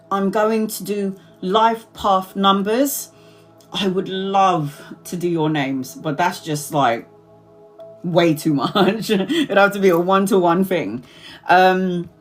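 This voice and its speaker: A woman's voice: mid-range voice, slow, soft background music. A woman in her forties, a tarot reader chatting casually to subscribers on a livestream, rambling, repeating herself and laughing often. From Brazil. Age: 40s.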